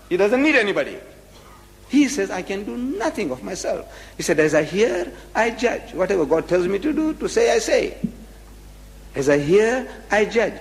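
A man giving a religious lecture who reads scripture aloud and explains it, swinging from loud to hushed and repeating key phrases for emphasis. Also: long reverb tail, rough recording. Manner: animated, swinging widely in pitch and loudness, dropping to a hush for emphasis; repeats key phrases to drive a point home.

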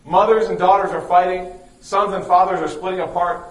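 A man's voice: high-pitched, fairly even intonation, brisk, voice pushed up, close to an everyday voice. A man voicing a bitter old woman who rants complaints, heard in an echoey room from a distant mic. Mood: bitter ranting. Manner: ranting complaints.

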